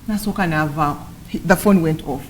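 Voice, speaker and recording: A woman's voice: deep voice, normal speed, noisy background. A young woman from Uganda with a Ugandan accent, a guest telling her life story in an interview and acting out the conversations with lots of "I'm like". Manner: animated, acts out dialogue with many "I'm like" quotes.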